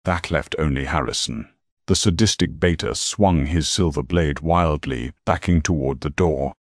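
A man narrating a fantasy story in a dramatic, measured style. His voice is extremely deep, and the recording is dry and close. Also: no room sound. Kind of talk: scripted narration.

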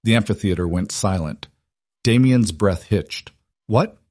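A man narrating a dramatic story with steady, scripted audiobook delivery. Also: fairly low pitch, normal speed, dry recording, clean studio sound.

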